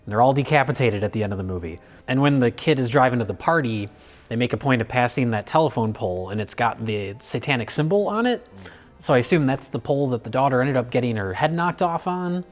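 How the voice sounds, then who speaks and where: Animated man reviewing films. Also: medium pitch, fast talker. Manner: laughs often, swears, animated. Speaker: film review co-host. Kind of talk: casual chat.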